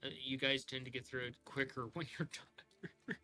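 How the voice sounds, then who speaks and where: A man's voice: medium pitch, moderate pace. A man acting as game master, recapping a tabletop session with lots of fillers before signing off. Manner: relaxed recap with many fillers.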